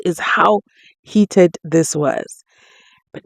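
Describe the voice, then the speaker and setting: A woman giving excited reaction commentary on a court case, exclaiming and acting out what people said. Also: medium pitch, moderate pace, no room sound. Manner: excitable, exclaiming, playacting quotes. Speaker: commentary vlogger.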